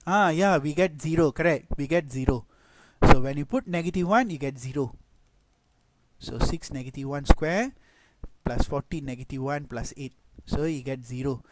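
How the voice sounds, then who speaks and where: A man's voice: fairly high pitch, moderate pace. A man with a Malaysian accent teaching a math class, mixing English and Malay and saying "okay" and "lah" often. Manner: code-switches between English and Malay, frequent "okay" and "lah". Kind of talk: online class lecture. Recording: loud background noise with clicks.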